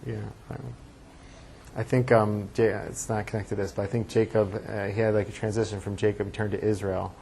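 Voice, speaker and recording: A rabbi teaching a classroom lecture, thinking aloud and reading verses aloud with emphasis, with class discussion. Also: male voice, lowish voice, level tone, fairly quick, vocal fry, darkish tone, a little hiss or hum.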